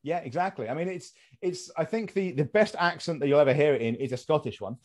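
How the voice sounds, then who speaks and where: British man, fairly high voice, swearing. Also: a little mellow. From Britain. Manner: swears freely, tells anecdotes with quick restarts. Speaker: podcast host. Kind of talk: casual podcast conversation.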